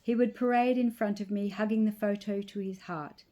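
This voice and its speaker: A woman reading her own first-person story aloud as the author, in a measured, reflective way. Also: medium pitch, fairly even intonation, warm tone.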